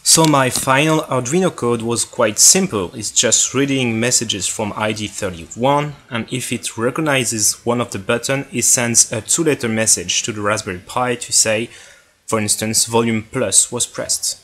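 A man's voice: mid-range voice, normal speed, a bit bright. A man with a French accent narrating a step-by-step tutorial on his own hobby electronics project, in a plain explanatory way.

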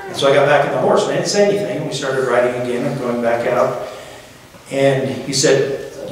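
Middle-aged man, funeral eulogy, halting and reflective, booming hall reverb, far from the mic. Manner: halting, reflective, with gentle humor. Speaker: son giving a eulogy. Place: funeral chapel. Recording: very echoey hall from far off, faint noise.

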